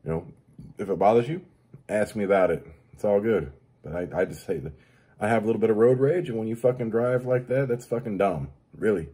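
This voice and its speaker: A man's voice: brisk, warm tone, breathy edge. A man hosting his own show, ranting crudely with constant swearing and mocking impressions of other people. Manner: rants about daily annoyances, mimics others in high voice. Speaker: show host. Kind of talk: profane comedic rant.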